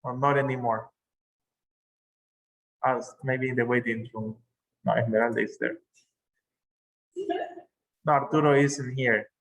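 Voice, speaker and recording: A man's voice: medium pitch, fairly even intonation, a bit bright, rough recording. A male English teacher, explaining words patiently with examples over a video call. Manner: slow, explaining patiently with examples and self-corrections. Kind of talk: online class lesson.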